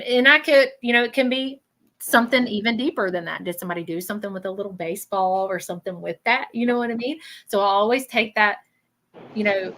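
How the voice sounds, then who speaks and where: Casting: woman, psychic medium hosting a live reading, chatty, bright tone. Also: mid-range voice, vocal fry, a little hiss or hum, poor audio. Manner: chatty, keeps checking in with 'okay?'.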